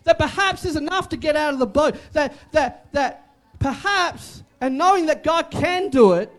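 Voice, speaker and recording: A man's voice: extremely high pitch, lively intonation, moderate pace. A man preaching a sermon as pastor, emphatic and repetitive, with joking asides.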